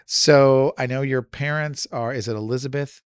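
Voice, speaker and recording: A man's voice: mid-range voice, fairly even intonation, normal speed, smooth, no echo, clean studio sound. Chatty male podcast host. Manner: friendly, chatty, rambling questions. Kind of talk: casual interview.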